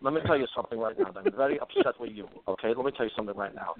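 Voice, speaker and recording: Impression: a man doing a fast, gravelly, haranguing older politician with a mock European-tinged accent, lo-fi. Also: medium pitch, huge pitch swings, a crowd in the background. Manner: repetitive, stammering, lecturing. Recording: phone-like lo-fi sound.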